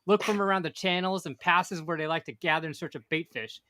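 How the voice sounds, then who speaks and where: A man's voice: fairly high pitch, a little fast, sharp tone, dry recording, pitched above the performer's own voice. A man doing a playful pirate voice, reading out a fishing forecast in swaggering pirate talk.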